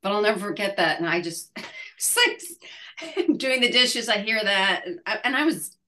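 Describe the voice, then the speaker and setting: Woman, sixties, bright tone, rambling laughing storyteller in interview. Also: medium pitch, animated. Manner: halting, laughing storyteller with many restarts. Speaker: actress guest. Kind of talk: casual interview chat.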